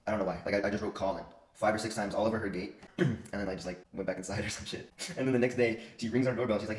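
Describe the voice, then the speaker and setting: A man's voice: fairly low pitch, steady tone, reverberant, a little hiss or hum. A young man telling funny stories about his childhood in casual, profane chat. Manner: fast, profane, joking. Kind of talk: casual storytelling monologue.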